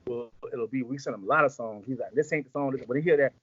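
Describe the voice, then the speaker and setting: A man's voice: medium pitch, fast talker, fairly bright tone, slightly rough, dry recording, lo-fi sound. A man in a casual interview, telling long rambling stories full of slang and acted-out quotes. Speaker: music executive guest.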